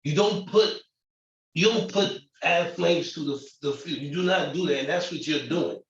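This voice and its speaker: A shelter resident gives impassioned public comment at a community meeting, upset, near tears, and pleading emotionally. His voice is a little high and fairly bright, at a moderate pace. The audio is muffled, echoey room sound captured from far off.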